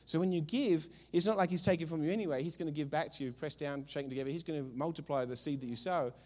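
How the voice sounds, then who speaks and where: Fast-talking, lively male preacher. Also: fairly high pitch. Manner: storytelling, humorous, emphatic. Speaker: pastor. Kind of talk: sermon.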